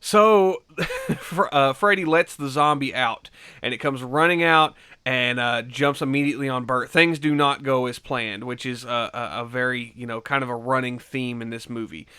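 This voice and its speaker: A man's voice: mid-range voice, normal speed, pushed and bright, clear, resonant tone, dry recording. A man giving a casual film review, rambling through the plot with lots of fillers and swearing. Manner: loose rambling retelling full of fillers and swearing.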